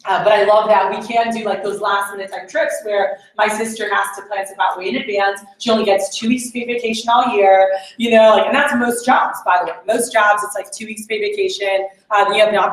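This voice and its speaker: A woman's voice: medium pitch, fairly even intonation, brisk, few pauses. A woman leading a meeting, telling stories in a casual, chatty way with lots of fillers. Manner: chatty storytelling with many fillers. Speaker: sales team leader addressing a meeting. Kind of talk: casual motivational talk. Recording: echoey room.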